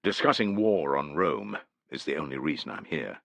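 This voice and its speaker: A man voicing a guarded, ambitious male war leader with a measured, courteous tone in an audiobook. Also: very deep voice, sing-song, vocal fry, dry recording, lo-fi sound, exaggerated voice. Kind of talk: audiobook character voice.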